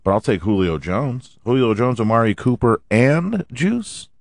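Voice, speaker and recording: A man hosting a podcast, hoarse from allergies and often clearing his throat, ranting about football with lots of swearing and rhetorical questions. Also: mid-range voice, big pitch swings, unhurried, no room sound, clean studio sound. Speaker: podcast host. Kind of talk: casual sports rant.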